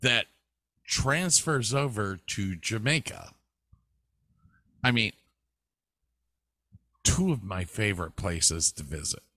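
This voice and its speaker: A man with a lowish voice chats about films in a slow, unhurried way. His pitch rises and falls a lot as he talks, and the dry sound is close and dead. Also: no room sound. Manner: slow, drawn-out, lively pitch, frequent fillers and stutters. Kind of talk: casual movie chat.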